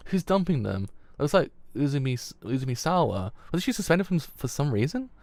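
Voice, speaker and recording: A young man talks through his first read of a comic, live and unfiltered. His voice is gravelly, and he swears freely, stumbling and restarting as things catch him off guard. The close mic sounds dry, with no room around him. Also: fairly high pitch, fairly quick, no echo. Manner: excitable, swears freely, stumbles over words. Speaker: streamer. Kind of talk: live reaction commentary.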